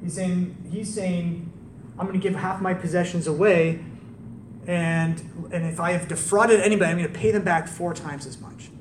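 A man's voice: sits high, steady tone, normal speed. A man preaching a sermon, telling stories in a conversational way and asking rhetorical questions. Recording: roomy, distant mic with faint background noise.

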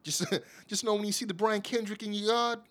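A man's voice: high-pitched, fairly even intonation, brisk, fairly bright tone. A man hosting a podcast, chattily recapping wrestling shows with lots of fillers and laughs at his own jokes. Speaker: podcast host. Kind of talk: casual wrestling show recap.

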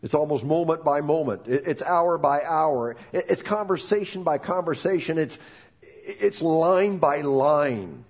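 A man's voice: a little high, animated, unhurried, breathy edge. A man preaching a sermon as pastor, retelling the story dramatically and acting out the quoted voices.

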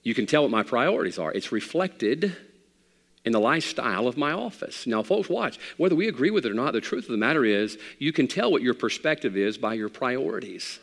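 A middle-aged man preaching a sermon as pastor, animated and rising to near shouts. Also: medium pitch, fairly quick, in a large hall. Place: church sanctuary.

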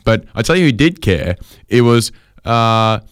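A young man tells a rambling comic story, often stopping to correct himself and going off on animated asides. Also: medium pitch, a little slow, clean tone, dry recording, studio quality.

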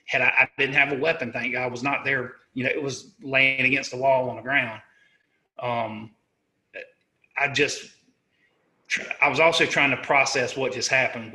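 A middle-aged man from the United States, a sergeant being interviewed, telling a personal war story in an earnest, halting way, often restarting and correcting himself. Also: mid-range voice, fairly even intonation, sharp tone. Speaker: interview guest, army sergeant.

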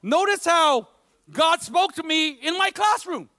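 A man's voice: very high-pitched, animated, a little slow, sharp tone, dry recording, clean studio sound. A man preaching a sermon as pastor, telling personal stories in a conversational way full of "you know" and building to emphatic preaching.

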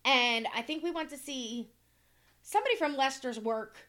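High-voiced chatty woman podcast host. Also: normal speed, pushed and bright. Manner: chatty storyteller, laughs often, blunt. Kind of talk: casual chat.

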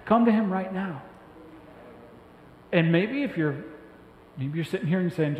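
A man preaching a sermon as pastor, talking emphatically with excited bursts that drop back to a soft voice. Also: high-pitched, a little slow, lo-fi sound, slight background noise. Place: church hall. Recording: echoey hall with faint ambience.

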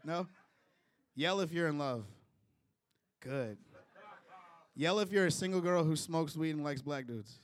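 A man's voice: a little high, unhurried, pauses often. A young man from Chicago doing a loose, chatty stand-up set with crowd work, chuckling through his own jokes. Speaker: stand-up comedian.

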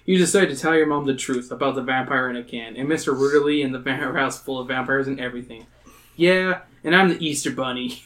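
A young man hosting a podcast, reading a gamebook aloud to friends, swearing and laughing, with animated voices for the characters. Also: mid-range voice, fast, few pauses. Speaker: podcast host.

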